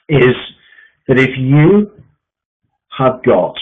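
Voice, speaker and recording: A man's voice: mid-range voice, moderate pace. Male sales coach on a tinny line. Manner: emphatic, repetitive, with frequent fillers. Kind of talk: coaching session talk.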